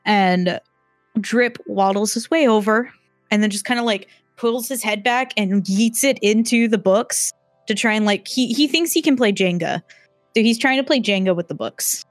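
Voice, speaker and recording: A woman's voice: medium pitch, normal speed, dry recording, soft background music. A woman narrating as game master in a casual, filler-heavy, giggly way.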